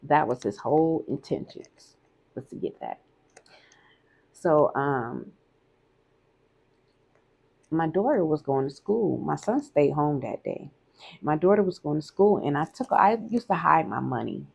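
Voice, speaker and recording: A woman recounts her own story in a candid, conversational way, repeating lines for emphasis. Her voice sits very low, with a gravelly, husky texture. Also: big pitch swings, a little slow, pauses often, darkish tone. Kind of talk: casual storytime vlog.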